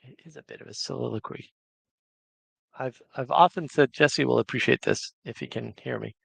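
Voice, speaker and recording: A man's voice: medium pitch, normal speed, vocal fry, a bit bright, breathy edge, no room sound. A man hosting a casual livestream, chatting and reading viewer comments aloud. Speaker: livestream host.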